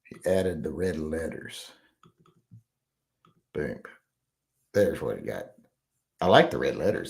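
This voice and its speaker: A man hosting a casual livestream, his pitch rising and falling in an animated way. He talks in a loose, rambling manner, with lots of "uh"s and throat clearing as he reads out the chat. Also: slow pace, long pauses. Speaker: livestream host reading viewer chat.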